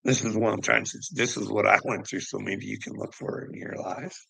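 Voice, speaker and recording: A man's voice: on the low side, fairly even intonation, brisk, a bit bright, dry recording, poor audio. A man telling a personal story to camera in a rambling, profane way, often laughing as he goes. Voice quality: gravelly. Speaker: vlogger.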